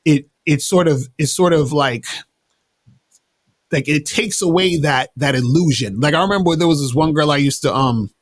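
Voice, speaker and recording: A man's voice: on the high side, moderate pace, dry recording. A man telling dating stories in a laid-back, slangy way with many restarts, speaking as an interview guest. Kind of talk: casual interview talk.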